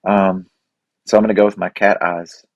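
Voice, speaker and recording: A man shares stories in a rambling, folksy, self-deprecating way. His voice sits a bit low, and the recording is dry and close, with no room sound. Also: little pitch movement, normal speed, no room sound, dull audio. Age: 40s. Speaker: podcast host. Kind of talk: casual reflective monologue.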